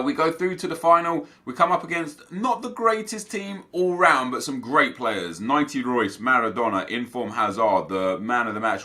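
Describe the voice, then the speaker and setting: A young gaming YouTuber with a medium-pitched, sharp-toned voice gives casual, chatty commentary over his own football video game matches for viewers.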